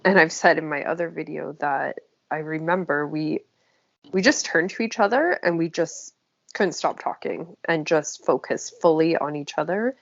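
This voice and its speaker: A woman's voice: deep voice, moderate pace, creaky, no room sound. A woman hosting a casual chat, chatty and laughing easily. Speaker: host. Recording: slightly dull lo-fi sound.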